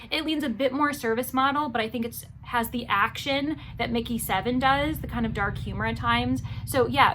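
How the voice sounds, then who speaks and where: Gushing book-vlogging woman, fairly high voice. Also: slight background noise. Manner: gushing, animated, quick asides. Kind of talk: casual reading vlog.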